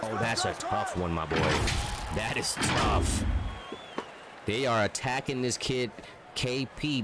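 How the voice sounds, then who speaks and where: A man giving live, chatty play-by-play commentary on a basketball video game, getting excited and joking as he calls the action. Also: mid-range voice. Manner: excitable, chatty, jokes and argues with the refs. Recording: loud game crowd noise behind.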